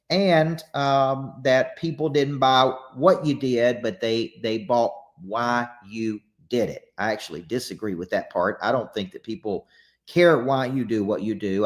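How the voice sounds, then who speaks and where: Southern guy, middle-aged coach, fired-up motivational talk, keeps restarting mid sentence, mid-pitched voice. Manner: energetic storytelling with repeated restarts. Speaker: business coach and author.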